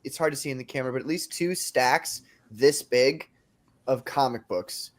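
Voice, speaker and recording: A man's voice: medium pitch, moderate pace. A man hosting a casual livestream, chatting loosely with co-hosts and reading out comments from the chat. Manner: loose, profane, reads chat comments aloud. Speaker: podcast host. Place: home streaming setup.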